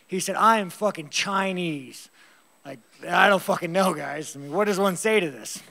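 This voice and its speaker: A fighter answering press conference questions in a blunt, rambling, heavily profane way, laughing often. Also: male voice, sits high, a little fast, vocal fry, a bit bright.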